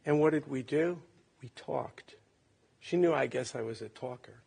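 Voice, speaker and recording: A man in his late sixties from Ohio, a son giving a halting, tender eulogy at a funeral. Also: mid-range voice, creaky, a little mellow, breathy edge. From Cleveland, Ohio. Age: 60s. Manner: halting, reflective, tender storytelling.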